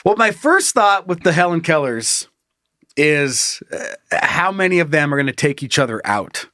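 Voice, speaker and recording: A man co-hosting a podcast in loose, comedic chat, laughing often. His pitch swings widely and sits a little high for a man. The sound is dry and close. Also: normal speed, no room sound. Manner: laughs a lot, lively, jokey impressions. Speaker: podcast co-host.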